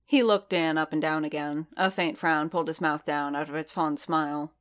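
A woman narrating a fan-written story aloud in a steady, unhurried way. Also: low voice. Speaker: reader. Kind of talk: fan fiction audiobook narration.

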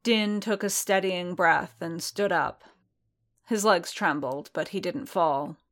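A woman reads a piece of fiction aloud in a calm, measured way. Her voice sits a little low, and she takes her time over each sentence. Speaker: reader.

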